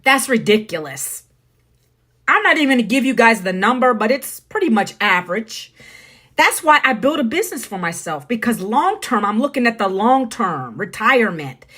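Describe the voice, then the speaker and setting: A woman's voice: on the high side, very animated, normal speed, fairly bright tone. A middle-aged woman from the United States, talking bluntly and preachily to viewers on a phone live stream. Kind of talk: casual live-stream monologue.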